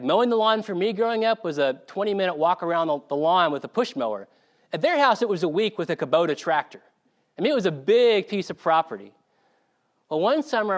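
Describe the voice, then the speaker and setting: A male preacher from South Carolina delivering a sermon and telling a story in an animated way. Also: on the high side.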